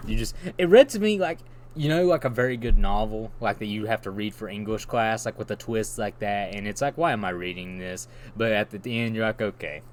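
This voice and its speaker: A man's voice: on the low side, a little fast. A man in casual chat, rambling through an enthusiastic plot recap and laughing along. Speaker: podcast co-host.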